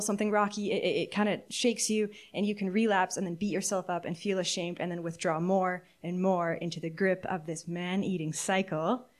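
A middle-aged woman preaching a sermon, earnest and candid, reflective, with halting restarts. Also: lowish voice. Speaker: pastor.

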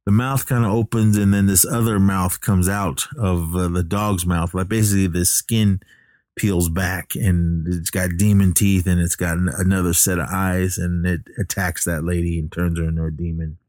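Deep-voiced man casually rambling. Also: fairly even intonation, normal speed, a little mellow, no echo, clean studio sound. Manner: rambling, hesitant, many fillers and restarts. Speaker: movie recapper. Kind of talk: casual movie recap.

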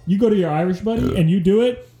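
A man's voice: high-pitched, quick pace, echoey room. A man telling stories animatedly and laughing in a casual podcast chat. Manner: animated storytelling, laughing often.

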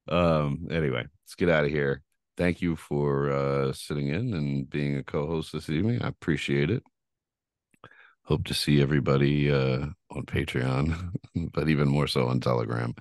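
A man with a very deep voice hosts a casual podcast. He tells crude stories with plenty of swearing and laughs along the way. The sound is dry and close, with no room echo. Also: darkish tone. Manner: profane, laughing storyteller. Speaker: podcast host.

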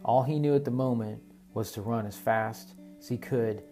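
A man narrating an audiobook story in a steady storytelling manner. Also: medium pitch, normal speed. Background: soft guitar music.

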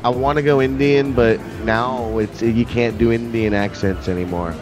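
A man's voice: medium pitch, steady tone, moderate pace, over music. A man co-hosting a comedy podcast, teasing his partner and joking around in loose banter. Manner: teasing, playful, trying out voices. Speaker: podcast co-host. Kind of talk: casual comedy chat.

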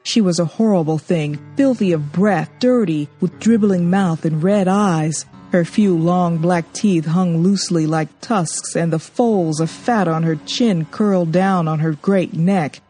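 A woman narrating a novel in a measured, expressive audiobook reading. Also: fairly low pitch, slightly rough, faint music behind.

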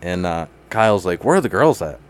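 Low-voiced young man telling stories, laughing. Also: big pitch swings, fairly quick. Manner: laughs often, swears freely, says dude constantly. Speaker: guest. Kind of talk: casual storytelling.

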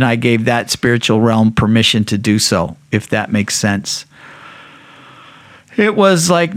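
Blunt, profane man telling his story. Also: no room sound. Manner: blunt and profane, with frequent restarts; acts out quoted voices with big jumps in pitch. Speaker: podcast guest. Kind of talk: candid personal storytelling.

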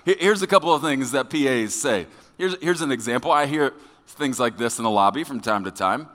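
A man preaching a sermon as pastor to his congregation, joking with them in a lively, conversational way. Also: medium pitch, a little fast. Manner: lively, joking with the congregation, acting out quoted voices. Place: church sanctuary. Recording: long hall reverb.

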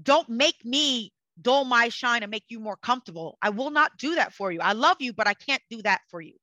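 A woman in a casual conversation, speaking passionately and forcefully about self-worth in a preachy, motivational way. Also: a little high, expressive, brisk, dry recording, low-quality recording.

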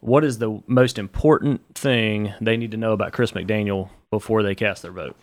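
A man's voice: on the low side, steady tone, moderate pace. A man co-hosting a podcast, asking rambling questions full of fillers. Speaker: podcast co-host. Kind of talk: casual interview.

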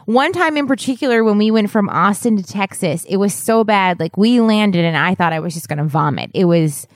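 A woman's voice: medium pitch, expressive, brisk, dry recording, clean studio sound. Upbeat woman sharing travel stories. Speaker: travel podcast co-host. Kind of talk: casual conversational recap.

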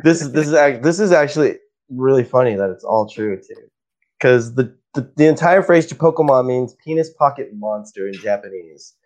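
A man co-hosting a podcast in casual chat, reading trivia out in an unhurried, amused way. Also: medium pitch, animated, a little mellow. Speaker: podcast co-host.

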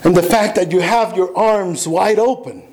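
A man's voice: sits high, normal speed, darkish tone, low-quality recording. A man preaching a sermon, earnest and emphatic, often restarting his words. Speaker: pastor.

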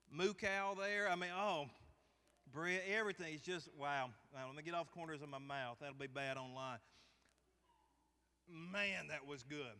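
A high-voiced, bright-toned man preaching. He keeps it folksy and conversational and jokes with the congregation. His voice rings through a church sanctuary with a long reverb tail. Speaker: pastor. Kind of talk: sermon.

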